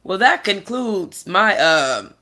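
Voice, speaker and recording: A music review vlogger speaks unhurriedly at medium pitch, his bright, forceful tone edged with gravelly crackle. Animated, blunt and full of profanity, he gossips straight at viewers and throws in mocking impressions, staying opinionated and expressive throughout.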